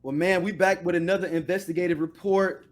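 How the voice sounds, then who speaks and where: A man's voice: high voice, fairly even intonation, a little fast. A man co-hosting a casual podcast chat, easygoing and teasing. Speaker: podcast co-host.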